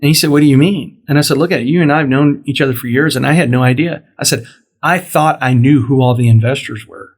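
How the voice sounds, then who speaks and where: Talking quickly with a medium-pitched voice, a middle-aged man on his podcast narrates a long story in a relaxed way. He animatedly acts out the things the people in the story said.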